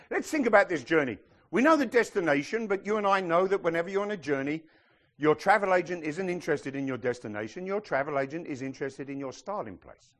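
A man preaching a sermon to his congregation, animated and sometimes shouting as he acts out the people in his stories. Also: a little high. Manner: animated, acts out quoted voices, some shouting.

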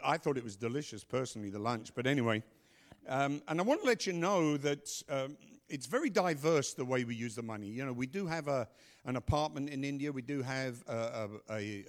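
A middle-aged man telling a story and giving announcements at a church service, animated, with loud bursts. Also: mid-range voice. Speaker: pastor.

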